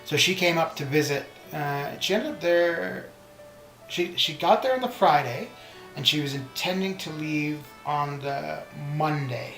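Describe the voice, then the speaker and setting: Streaming a game, a man chats casually and tells stories in a rambling, chatty way with many restarts. His voice is on the high side, unhurried, gravelly and fairly bright, and the roomy recording has stream background music.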